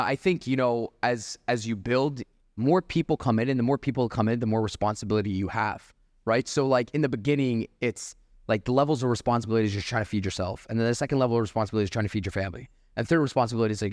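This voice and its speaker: A man, a sales trainer, talking fast and energetically in a casual podcast chat, full of "like" and restarts. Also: mid-range voice, a little mellow, no room sound, studio quality.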